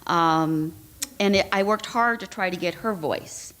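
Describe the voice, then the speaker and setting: A woman author at a live literary reading, chatting with the audience in quick asides. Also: lowish voice, a bit bright. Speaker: author reading her work.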